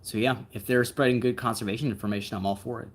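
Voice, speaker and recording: A fast-talking man with a medium-pitched, fairly even voice hosts a livestream, chatting casually and answering viewer comments. He's easygoing and rambling, full of fillers and asides.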